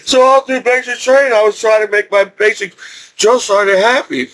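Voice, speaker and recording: High-voiced man rambling through a story. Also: steady tone, normal speed, a bit bright. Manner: rambling, repeats and restarts, laughs often. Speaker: veteran telling his story. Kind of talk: casual storytelling.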